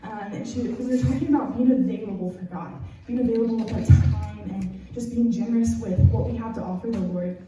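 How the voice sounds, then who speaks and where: A woman's voice: medium pitch, fairly quick, few pauses, very noisy. A young woman from Texas with a Texan accent gives a youth-group sermon, telling a personal story in an earnest, candid, chatty way. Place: church youth room, recorded from a distance. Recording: echoey room heard from far off.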